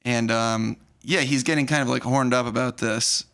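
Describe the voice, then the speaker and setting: A podcast host with a gravelly voice walks through a film in a casual chat. He retells it scene by scene and slips into the characters' lines as he goes. His voice sits at an average pitch. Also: moderate pace. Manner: animated retelling, acts out lines. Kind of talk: casual movie recap.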